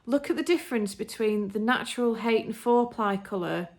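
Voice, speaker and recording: An English woman's slightly high, darkish voice comes at normal speed as she hosts a podcast and shows her knitting. She chats with casual enthusiasm, often saying um and restarting, in a recording with roomy echo.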